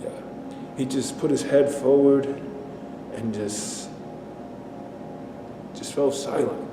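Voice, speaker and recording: A man performing a dramatic stage monologue, speaking haltingly and repeating himself as he recounts a disturbing memory. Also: natural voice. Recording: echoey hall, faint rumble.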